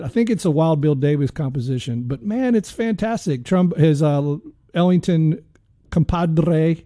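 A man's voice: fairly high pitch, animated, measured pace, mellow, no echo, studio quality. A man hosting a jazz radio show, chatting casually about records in a rambling, easygoing way with lots of trailing fillers.

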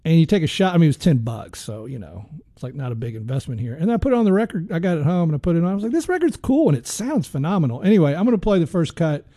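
A man's voice: on the high side, lively intonation, very fast, warm tone, no echo, studio quality. A man hosting a jazz radio show, chatting casually about records in a rambling, easygoing way with lots of trailing fillers.

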